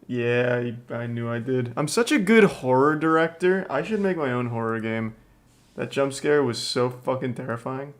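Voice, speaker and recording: A man giving deadpan, sarcastic commentary while playing a horror game on stream, with sudden startled yelps at the scares. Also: mid-range voice, measured pace. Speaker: gaming streamer. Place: home streaming setup on webcam.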